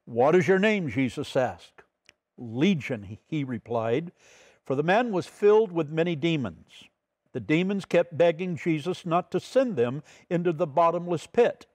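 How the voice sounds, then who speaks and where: A male pastor leading a midweek Bible study in a fairly high voice. He tells an anecdote and reads the scripture aloud in a measured, steady way. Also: no echo.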